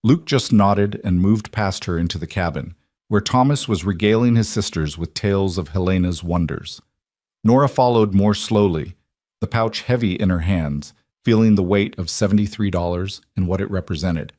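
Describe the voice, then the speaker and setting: Brief: male narrator, low, measured, dry close recording, frontier story. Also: a little mellow, no echo. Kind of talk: scripted Western story narration.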